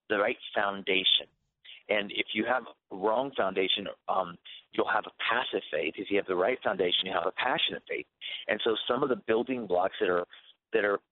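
A man speaking as a guest on a Christian radio talk show, earnest and preachy, often repeating words as he restarts. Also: fairly low pitch. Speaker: guest author on Christian faith. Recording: narrow phone-like radio sound.

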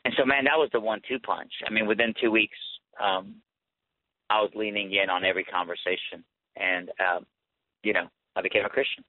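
A man telling a personal faith story as a guest, earnest and animated, often restarting his sentences. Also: lowish voice, brisk. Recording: tinny phone line.

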